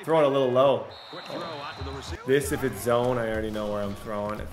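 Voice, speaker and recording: A young man giving excitable commentary while playing a football video game, often bursting into loud shouts over big plays. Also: medium pitch, brisk, crowd noise. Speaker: gaming YouTuber. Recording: echoey room with game music behind.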